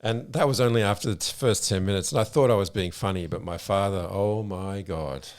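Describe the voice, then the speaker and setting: A middle-aged man with an Australian accent, co-hosting a podcast in a relaxed, frank way with casual swearing. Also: fairly low pitch, a little fast. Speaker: podcast co-host. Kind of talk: casual conversational storytelling.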